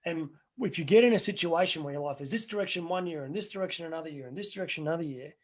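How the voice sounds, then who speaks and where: Speaking rapid-fire in a slightly high voice, a middle-aged life coach fields webinar questions. His answers are earnest but meandering, full of restarted sentences and personal stories.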